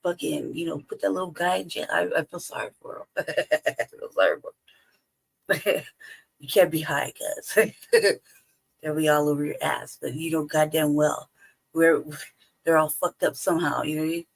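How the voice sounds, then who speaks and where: A woman's voice: sits low, fairly even intonation, moderate pace, creaky, long pauses, dry recording, poor audio. A woman hosting a livestream, giving profane, sarcastic casual commentary full of laughter and rhetorical questions. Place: home livestream.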